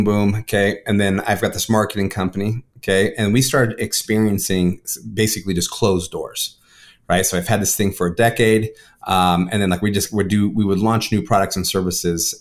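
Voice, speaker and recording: A man, a pastor, telling his life story in casual conversation, rushing with repeated words and restarts. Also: on the low side. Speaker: pastor and guest. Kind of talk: casual spoken testimony.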